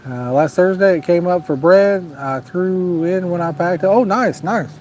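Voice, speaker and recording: A man's voice: high-pitched, moderate pace, a little mellow, slight background noise. Joking man hosting a live fishing stream. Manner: joking, laid-back, folksy. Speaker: fishing channel host. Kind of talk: live stream chat, reading viewer comments. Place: outdoors by the water at night.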